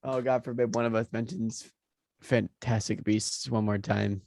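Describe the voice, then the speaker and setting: A man's voice: on the low side, fairly even intonation, a little slow, vocal fry, darkish tone. A man co-hosting a podcast in casual, teasing chat. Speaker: podcast co-host.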